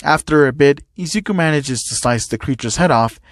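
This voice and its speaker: A man's voice: fairly high pitch, a little fast, no room sound, clean studio sound. A man narrating a fan-made story and reading out who speaks each line. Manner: plain reading of stage directions.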